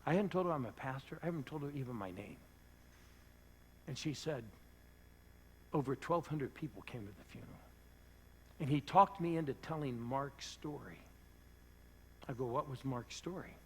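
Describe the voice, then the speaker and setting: A man preaching a sermon as pastor, telling an earnest story that sinks to hushed tones at its emotional moments. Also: medium pitch, lively intonation, moderate pace, long pauses, slight background noise, poor audio. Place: church.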